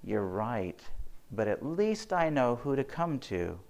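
A man's voice: mid-range voice, sing-song, takes it slowly, vocal fry, a little mellow, pitched below the performer's own voice, exaggerated voice. A man quoting a troubled woman patient in his own voice, pleading and defensive. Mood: pressured.

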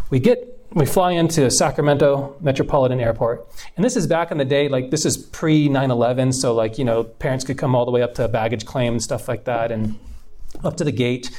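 In a casual, heartfelt personal testimony, a man tells the story of his life. His mid-pitched voice is brisk with a darkish tone, and he rambles a bit, circling back with fillers and restarts.

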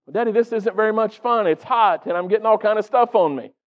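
A whiny young girl pleading with her daddy, as a preacher puts her on, her voice pushed up very high. The sound is dull and lo-fi, like an old sermon recording. She whines and pleads in a short, fond put-on. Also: fast, natural voice. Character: young daughter, eager then whiny.

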